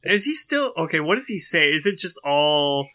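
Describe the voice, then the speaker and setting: A man with a very bright, forward voice and a slightly high pitch, talking casually as a podcast co-host. He is animated and jokey, often slipping into quick acted-out quotes. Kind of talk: casual chat about a reality show.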